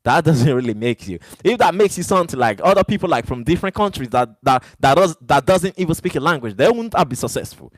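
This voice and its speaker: A man's voice: on the high side, expressive, quick pace, few pauses, no echo. Emphatic non-native English-speaking man livestreaming. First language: not English. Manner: repetitive, emphatic, talks straight to chat. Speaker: livestream host. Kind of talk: live-stream monologue.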